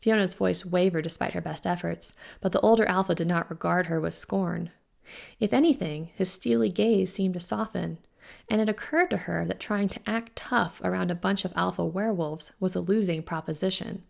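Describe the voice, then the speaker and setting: A woman author reads her own fantasy novel aloud in a steady, even manner. Her voice is low and carries heavy vocal fry throughout. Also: moderate pace. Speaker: author reading her book. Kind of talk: audiobook narration.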